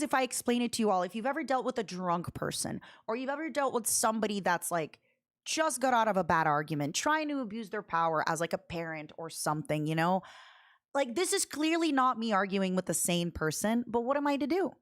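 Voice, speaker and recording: A woman streamer chatting casually, telling a personal story in a rambling, animated way with many restarts and asides. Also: fairly high pitch, a little fast. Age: adult.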